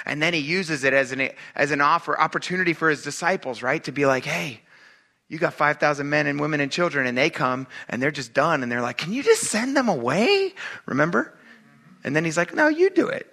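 Animated, chatty male pastor preaching. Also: a little high, fairly quick. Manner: animated, acts out quotes in raised voice; casual, chatty, asks congregation "right?". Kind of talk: sermon.

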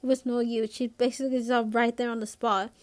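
A woman's voice: a little high, little pitch movement, quick pace. A young woman reading a novel aloud in a casual way, stumbling now and then. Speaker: reader.

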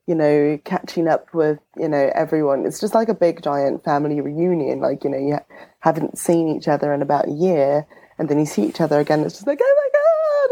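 A woman's voice: dark tone, slightly rough. A woman chatting casually as a podcast guest, bubbly, with lots of fillers and laughter. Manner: bubbly, swooping pitch, many fillers and laughs. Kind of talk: casual chat.

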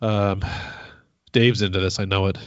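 A man's voice: sits low, little pitch movement, normal speed, no echo, muffled recording. A man co-hosting a podcast, rambling through an episode recap and acting out the scenes in quoted voices. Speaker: podcast co-host. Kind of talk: casual chat recapping an episode.

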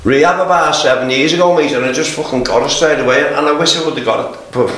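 A man's voice: on the high side, fast, fairly bright tone. A man, a former footballer, telling candid stories as a podcast guest, swearing constantly, laughing through them and tacking "mate" onto his sentences. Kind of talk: candid storytelling in casual chat. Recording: very echoey room.

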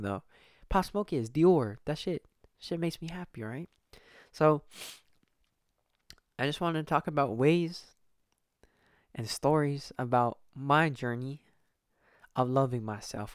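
A man's voice: mid-range voice, smooth, dry recording, clean studio sound. A young man hosting his own podcast alone, chatting casually and rambling with lots of swearing and restarts. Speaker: podcast host. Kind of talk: casual solo podcast chat.

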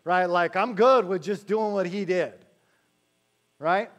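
A male pastor with a fairly high voice preaches a sermon, moving between slow, weighty phrases and quick conversational stretches. He drops in joking asides and keeps checking in with his listeners. A faint hum sits under the recording. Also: fairly bright tone. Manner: slows to stress key phrases, then rattles along quickly.

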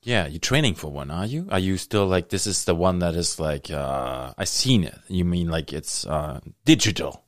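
A woman's voice: very deep voice, expressive, normal speed, hardly any pauses, dry recording, clean studio sound. A woman hosting a podcast, asking hesitant questions and giving short encouraging replies. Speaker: podcast host. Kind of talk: casual interview.

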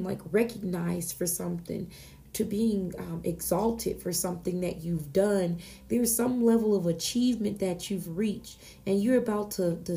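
A woman's voice: medium pitch, creaky, warm tone. A woman hosting a podcast, giving a channeled oracle card reading in a casual, earnest, exclamatory way with frequent restarts.

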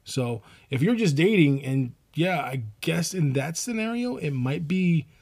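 Husky young man, halting podcast talk. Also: a little high, animated, a little mellow. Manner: halting, restarts often while making a point. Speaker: podcast co-host. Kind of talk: casual chat.

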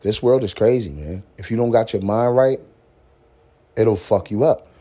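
On his motivational podcast, this host speaks at a normal speed in a dark, lowish voice. His talk is relaxed and full of slang, with frequent "man"s, easy swearing and laughter at his own tales.

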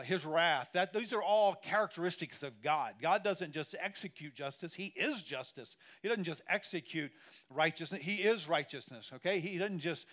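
Male pastor, fairly high voice, conversational and emphatic sermon delivery with repeated lines. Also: fairly bright tone. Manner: conversational and emphatic, repeating phrases and addressing the congregation directly.

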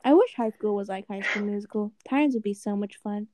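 In a mid-range voice at a fairly quick pace, a young woman co-hosts a podcast, casually chatting. Her storytelling is giggly and animated, with lots of laughter.

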